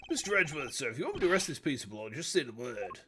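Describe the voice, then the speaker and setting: A man voicing a gruff, loyal male police detective while reading game dialogue aloud. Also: medium pitch, sing-song, rapid-fire, background noise, close to an everyday voice. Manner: blunt, eager.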